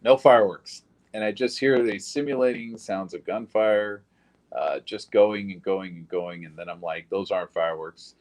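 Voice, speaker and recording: A man's voice: on the low side, fairly even intonation, normal speed, a little mellow, rough recording. A man giving a recorded witness interview about surviving a shooting, telling it in a blunt, plain-spoken way with some swearing.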